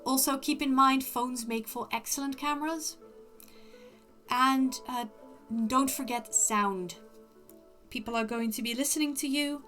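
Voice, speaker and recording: A woman livestreamer putting on the voice of a prim, posh upper-class lady, with formal, deliberate diction. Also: sits high, bright, forceful tone, soft background music.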